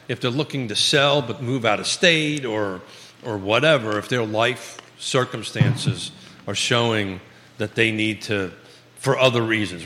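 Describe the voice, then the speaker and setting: A man's voice: lowish voice, pushed and bright, in a large hall. A man with a Virginia accent hosting a live real estate talk show, folksy and repetitive, calling himself Batman. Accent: American Virginia. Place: local live broadcast studio.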